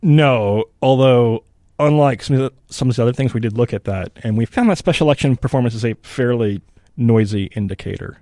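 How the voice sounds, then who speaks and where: A man's voice: medium pitch, brisk, warm tone, no echo. Man thinking aloud, dry studio sound. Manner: thinks aloud, hedging with frequent "you know" and "right?". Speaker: election forecast analyst. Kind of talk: casual podcast chat.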